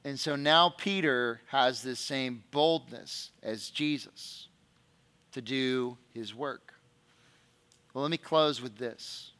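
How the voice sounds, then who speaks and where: A man's voice: mid-range voice, takes it slowly, sharp tone. A man as pastor preaching a sermon, reading scripture aloud and putting questions to the congregation.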